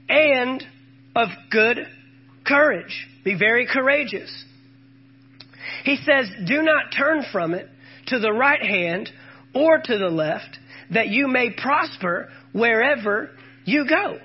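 A man's voice: very high voice, slightly rough, lo-fi sound. A man preaching a sermon, quoting scripture with emphasis and calling out questions to the congregation.

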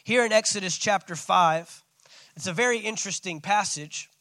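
A man's voice: high voice, normal speed, pushed and bright, no room sound. A man preaching a sermon as pastor, calling out to his congregation. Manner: preaching with call-outs.

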